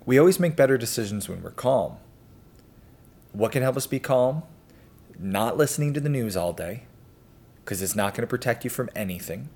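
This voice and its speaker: A man hosting a homesteading video channel, talking casually and chattily to his viewers with a relaxed, self-deprecating manner. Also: mid-range voice, normal speed, long pauses. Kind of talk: casual talk to camera.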